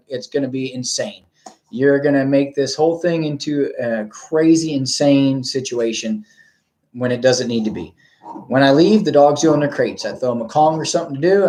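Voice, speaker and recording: A man, a dog trainer, explaining in a relaxed, rambling way with frequent ums and asides to viewers. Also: mid-range voice. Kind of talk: casual instructional talk.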